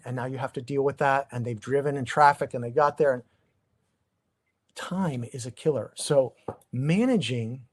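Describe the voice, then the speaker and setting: A middle-aged man, a chiropractor, giving an informal seminar talk to colleagues, conversational and animated, firing off rhetorical questions at his listeners. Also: medium pitch, no room sound. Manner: animated, asks the audience many rhetorical questions; loose, conversational, with frequent restarts. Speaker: chiropractor presenting a practice seminar.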